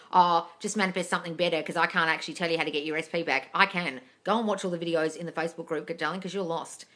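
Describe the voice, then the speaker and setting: A woman hosting a casual live-stream Q&A, reading out viewers' questions and answering them bluntly, with lots of swearing and "darling". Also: on the low side. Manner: blunt and sweary, calls listeners darling, scolds then softens. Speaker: manifesting coach answering live chat questions. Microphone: phone on a live stream.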